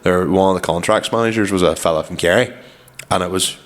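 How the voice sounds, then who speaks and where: A man's voice: low-pitched, quick pace. A man, co-hosting a podcast in rambling, laughing, swearing banter. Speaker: podcast co-host. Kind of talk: casual banter.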